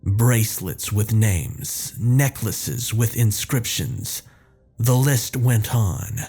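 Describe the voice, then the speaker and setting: A man narrating a first-person horror story in a measured, descriptive way. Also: fairly low pitch, expressive, dark tone, husky, soft background music.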